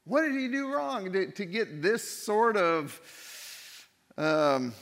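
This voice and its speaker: Male preacher, sermon, gravelly, slightly high voice, long hall reverb. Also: lively intonation, slow, a bit bright. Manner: conversational preaching with restarts and rhetorical questions. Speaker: pastor.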